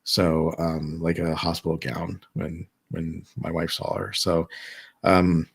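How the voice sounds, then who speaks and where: A man's voice: deep voice, completely flat delivery, slow pace, gravelly, slightly rough. A man at home telling his own ghost stories in a casual, rambling way, with many fillers and restarts. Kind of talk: casual storytelling chat. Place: his own home, seated at dining table.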